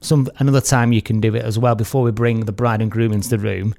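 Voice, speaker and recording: A man from the UK hosting a casual podcast chat, upbeat and quick to prompt with questions. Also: fairly low pitch, little pitch movement, vocal fry, a little mellow. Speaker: podcast host.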